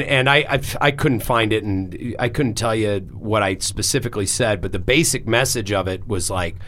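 A man hosting a podcast, his voice sitting in an ordinary middle pitch. He talks casually, in a rambling and emphatic way, with plenty of fillers and swearing. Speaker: podcast host.

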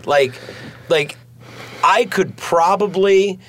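A man's voice: high-pitched, slow pace, a bit bright, a little hiss or hum. A man co-hosting a podcast in casual chat from a studio, rambling through jokey stories and laughing often. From United States. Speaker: podcast co-host.

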